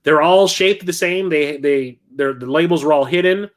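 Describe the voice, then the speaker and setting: On his livestream, a middle-aged man with a slightly high voice casually tells a rambling anecdote at a moderate pace. He plays the characters himself, quoting them in animated voices.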